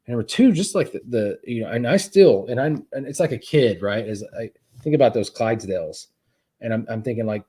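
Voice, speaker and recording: A man with kids, a guest chatting casually on a live stream, talking in halting bursts with many restarts. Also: medium pitch, expressive, mellow, breathy edge. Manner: halting, lots of restarts and fillers. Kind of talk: casual chat. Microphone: live stream setup.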